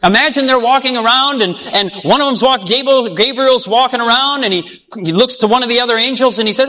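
A male preacher with a high, bright voice, telling a story in a sermon. He acts out the voices in it and keeps asking his listeners questions. His voice rings with long reverb, as in a big hall. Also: fast.

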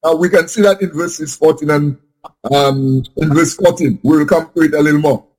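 During a Bible study discussion, a man explains a point hesitantly, restarting often and repeating words as he searches for phrasing. His voice is a little high and slightly rough, at normal speed.

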